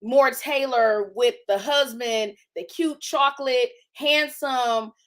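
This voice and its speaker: A woman in her forties hosting a faith conversation, emotional and testifying with emphatic warmth. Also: on the high side, slow pace. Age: 40s. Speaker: podcast host.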